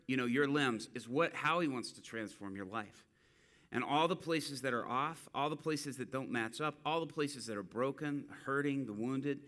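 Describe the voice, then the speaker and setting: A man preaching to a church, telling a street-ministry story and acting out the people in it. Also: medium pitch. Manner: animated storyteller acting out quotes. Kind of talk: sermon storytelling.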